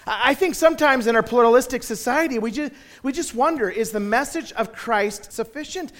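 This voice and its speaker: Male preacher, animated storyteller who restarts and repeats words; high, bright voice. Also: fairly quick. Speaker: pastor. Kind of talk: sermon with personal storytelling.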